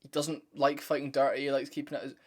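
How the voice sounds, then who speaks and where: A young man talks straight to his viewers in a casual breakdown, blunt and opinionated. His pitch sits in an ordinary middle range. He rambles and restarts his sentences, dropping the odd swear word. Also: level tone, quick pace. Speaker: MMA commentary channel host.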